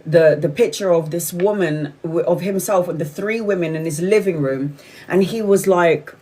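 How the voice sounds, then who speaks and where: A woman's voice: lowish voice, moderate pace, mellow, husky, poor audio. A tarot reader, a woman, telling a story casually with many restarts and fillers.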